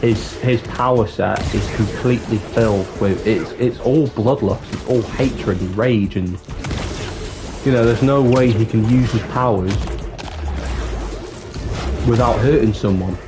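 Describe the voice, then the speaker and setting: A man talks on a livestream in a candid, rambling way, with the odd swear word. His voice sits a little low. Music plays clearly behind him. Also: a little slow. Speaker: live streamer. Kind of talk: casual livestream chat. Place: dark room with the light off.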